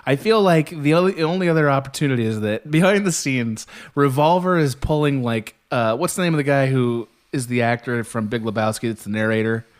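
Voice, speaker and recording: A man's voice: medium pitch, a little fast, few pauses. A man co-hosting a casual comedic podcast, laid-back and swearing freely as he riffs and laughs along. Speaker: podcast co-host.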